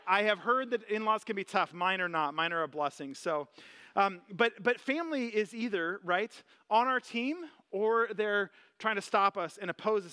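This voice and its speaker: A man's voice: high-pitched, sharp tone. A man preaching a sermon as a church pastor, casual and chatty, with many fillers and restarts. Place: church sanctuary.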